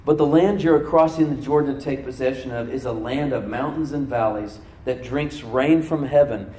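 A man preaching a sermon as pastor, stressing words by slowing down and rising in emphasis. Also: mid-range voice, mellow, distant mic. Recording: echoey room, from off mic.

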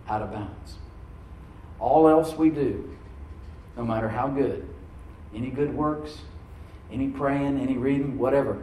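A man's voice: mid-range voice, mellow, a little hiss or hum. A male pastor preaching to a congregation in a church, talking in a loose, conversational way and often checking in with "Amen?". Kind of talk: sermon. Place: church room before a congregation. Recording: echoey room, mic at a distance.

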